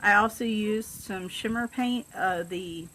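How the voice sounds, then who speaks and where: Southern woman host, unhurried, mid-pitched, chatty and self-deprecating. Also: sharp tone, a little hiss or hum. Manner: rambling, self-deprecating, many fillers. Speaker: coloring book channel host. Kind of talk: casual chat showing books.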